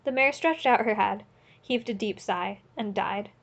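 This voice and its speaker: A woman narrating an audiobook in a steady, earnest reading voice, now and then correcting a slip. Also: mid-range voice, a little slow, creaky. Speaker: audiobook reader.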